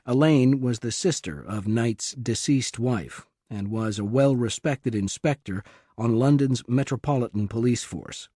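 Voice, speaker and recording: A man reading an audiobook thriller in calm, measured scripted narration. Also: mid-range voice, no room sound, studio quality.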